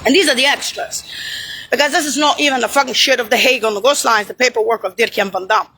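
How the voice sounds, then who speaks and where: A woman's voice: on the high side, fast talker, sharp tone, a little hiss or hum, poor audio. A woman delivering an angry, profane, rambling monologue, hurling insults and pointing things out on screen. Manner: points at something on screen while talking.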